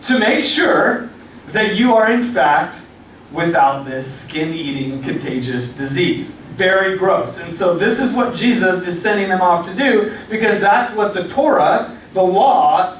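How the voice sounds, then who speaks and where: High-voiced pastor in an echoing church. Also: male voice, unhurried, slight background noise. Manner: animated, conversational storytelling. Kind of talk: sermon. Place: church hall. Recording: echoey hall from far off.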